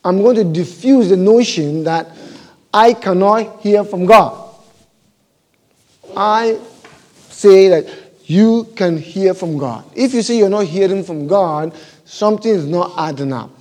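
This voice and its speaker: A man's voice: high voice, a little slow, pauses often, darkish tone. A male pastor preaching a sermon, asking the congregation question after question.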